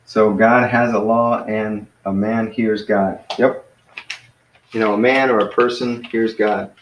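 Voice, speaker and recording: A man teaching a small Greek class in a casual way, explaining step by step and patiently, with many pauses and fillers. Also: on the low side, fairly even intonation, a little hiss or hum. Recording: echoey room.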